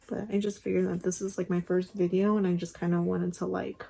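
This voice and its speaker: A woman's voice: fairly low pitch, little pitch movement, fairly quick, gravelly, warm tone, low-quality recording. A young woman chatting casually through a makeup tutorial, rambling with lots of fillers, recorded on a phone at home. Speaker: beauty vlogger. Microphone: phone camera.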